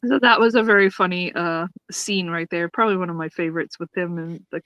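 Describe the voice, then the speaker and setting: A woman's voice: on the low side, steady tone, a little fast, fairly bright tone, dry recording, poor audio. A woman co-hosting a podcast, retelling a sitcom episode in casual chat, acting out the characters' lines and laughing often. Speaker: podcast co-host reviewing a sitcom.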